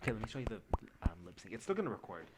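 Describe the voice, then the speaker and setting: A young man hosting a casual podcast, rambling and animated with lots of "like". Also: lowish voice, rapid-fire, background noise. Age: young adult. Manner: rambling, animated, many "like" fillers. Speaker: podcast host. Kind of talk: casual chat.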